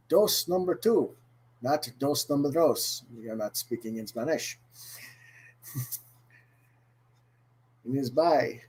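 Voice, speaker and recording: A male host chats casually about the comic books he picked up this week, putting on a deliberately bad, overdone Irish accent and dropping in plenty of "mm-hmm" fillers. His voice is medium-pitched and husky, and the audio quality is poor.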